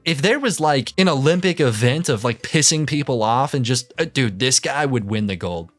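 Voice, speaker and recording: Animated, swearing young man ranting. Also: mid-range voice, normal speed, dry recording. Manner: profane, exasperated ranting with frequent laughs and restarts. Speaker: commentary YouTuber. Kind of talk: casual reaction commentary.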